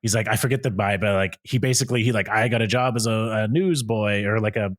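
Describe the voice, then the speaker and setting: A woman's voice: extremely low pitch, fast talker, no echo, clean studio sound. A woman co-hosting a podcast, retelling a film's scenes in casual chat and quoting the characters. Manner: rambling retelling, quotes characters in put-on voices, laughs a lot. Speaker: podcast co-host. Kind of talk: casual movie recap chat.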